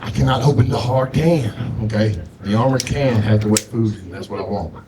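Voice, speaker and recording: A man's voice: lowish voice, fairly quick, background noise. A man doing a stand-up comedy set, telling loose stories with frequent asides to the crowd. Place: comedy showcase stage.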